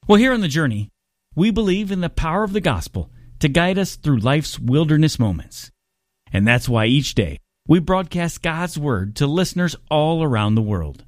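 A male announcer reading a scripted promotional message in a smooth, promotional way. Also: a little high, sing-song, moderate pace, no room sound, clean studio sound. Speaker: radio announcer. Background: faint music.

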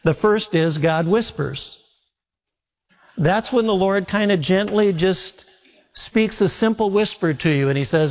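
A pastor preaching a sermon in a fairly high voice, telling homespun stories with a touch of humor. His voice carries a long reverb, as if recorded in a large hall. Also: moderate pace.

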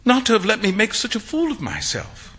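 A man reading a story aloud, voicing an earnest young gentleman with a sulky manner. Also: sits high, huge pitch swings, a little fast, breathy edge, voice pushed up, exaggerated voice. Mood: earnest dismayed.

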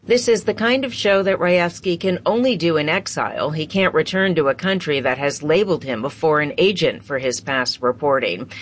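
A woman correspondent reading a scripted radio news report in a measured way. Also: deep voice, a little hiss or hum.

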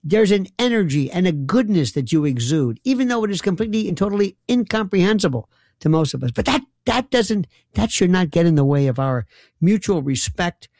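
A man's voice: high-pitched, sing-song, fairly quick, darkish tone, no echo, studio quality. A man hosting a late-night call-in radio show, talking in a wry, rambling, sarcastic way. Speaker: radio talk show host.

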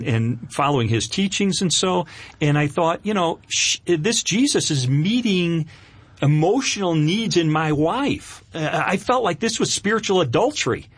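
A middle-aged man shares his own story in an interview, earnest and candid, stumbling over restarts as he goes. His voice moves a great deal in pitch and has a husky grain. The sound is dry and close. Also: fairly bright tone, no room sound. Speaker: guest. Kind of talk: personal testimony in an interview.

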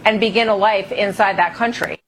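A woman's voice: medium pitch, steady tone, brisk, slight background noise, low-quality recording. A woman interviewing a guest on TV news, challenging him in a skeptical tone.

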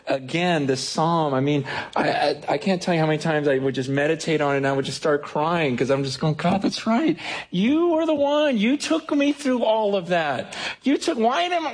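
Husky, animated male preacher. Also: on the high side. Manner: animated, breaks into acted self-talk and laughs. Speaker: pastor. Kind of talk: sermon.

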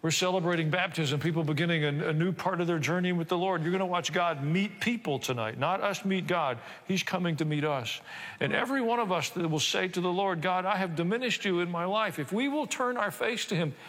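A man's voice: high voice, fairly quick, fairly bright tone. An older man preaching a sermon, talking conversationally with asides and rhetorical questions. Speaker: pastor. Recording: reverberant church hall.

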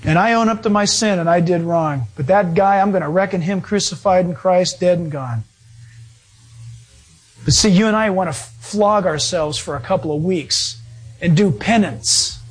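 A man preaching a sermon in a fairly high voice. He swings up and down in pitch as he preaches, leaning into joking asides. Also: breathy edge. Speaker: pastor.

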